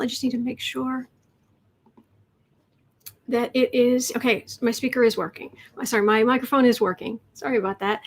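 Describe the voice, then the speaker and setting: A woman with a somewhat high voice hosts a tarot live stream in a loose, chatty way. She rambles, corrects herself mid-sentence and drifts into quiet muttering as she reads the chat. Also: fairly even intonation, moderate pace, long pauses. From Chicago area. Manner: chatty and rambling, with frequent fillers and self-corrections; drops into soft muttering while scrolling the chat.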